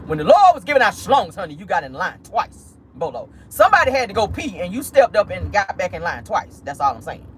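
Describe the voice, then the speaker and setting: A woman's voice: lowish voice, big pitch swings, brisk, hardly any pauses. Lady spilling tea in her car, real sassy, voice all over the place, little traffic noise. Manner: sassy, calls listeners honey and child. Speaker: celebrity gossip vlogger. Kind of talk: casual gossip commentary. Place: inside a car.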